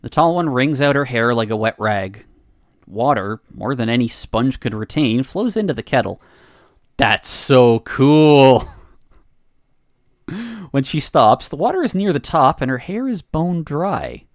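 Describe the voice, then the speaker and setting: A woman's voice: very deep voice, sing-song, moderate pace, no room sound, clean studio sound. A woman streamer reading a narrative game aloud, giggling and reacting between lines.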